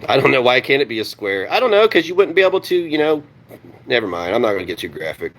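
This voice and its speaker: A man's voice: mid-range voice, big pitch swings, fast talker, a bit bright. A man ranting on a live stream, heated and sarcastic, swearing constantly and answering his chat. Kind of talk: profane live-stream rant.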